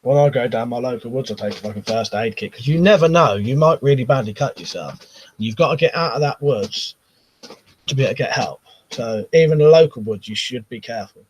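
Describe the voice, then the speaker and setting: A British man hosts a relaxed live chat stream with a medium-pitched voice. He reads viewer comments aloud, laughs easily and drops into quiet mumbled asides between lively bursts. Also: brisk, a little hiss or hum, poor audio. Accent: British English. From Britain.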